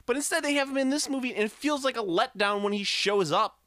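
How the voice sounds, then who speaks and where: A man ranting in an animated, laughing way during a casual chat. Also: very high voice, quick pace, no room sound, clean studio sound.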